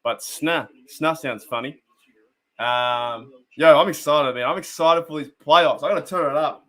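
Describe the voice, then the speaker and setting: Young aussie guy rambling on a fan stream, bit high-pitched, chatty. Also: unhurried, fairly bright tone. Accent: Australian. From Australia. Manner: rambling, chatty, laughs often, greets viewers by name. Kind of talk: casual live-stream chat and game commentary.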